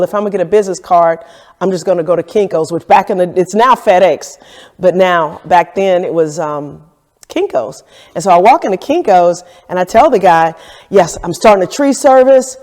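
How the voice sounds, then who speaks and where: A businesswoman recounts how she got started in a candid documentary interview, reflecting as she goes and acting out quoted dialogue. Her voice is fairly low, brisk and a little mellow. The room is echoey, with a long reverb.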